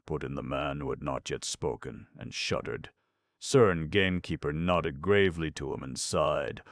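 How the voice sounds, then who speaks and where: A man narrating a classic novel as an audiobook, in steady storytelling, lifting his voice for the characters' speech. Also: moderate pace, creaky, no room sound. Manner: steady storytelling, raises pitch and volume for quoted characters.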